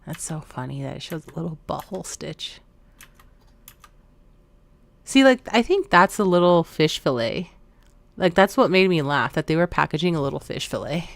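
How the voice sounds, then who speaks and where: A woman's voice: low voice, lively intonation, moderate pace, gravelly, pauses often, no room sound. A woman streamer chatting casually with her viewers, joking and rambling between thoughts. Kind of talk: casual live-stream chat.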